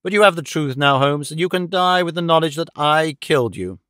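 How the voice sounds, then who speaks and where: A man's voice: fairly high pitch, animated, brisk, a bit bright, clear, resonant tone, no room sound, studio quality. A man voicing a cold, gloating middle-aged male villain who mocks and menaces his dying victim. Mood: menacing. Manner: sneering, menacing, mocking.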